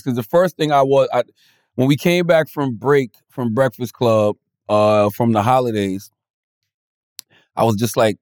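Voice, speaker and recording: A man co-hosting a podcast in casual chat, playful and quick to laugh, rambling through restarts. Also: mid-range voice, a little mellow, no room sound, studio quality. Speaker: podcast co-host.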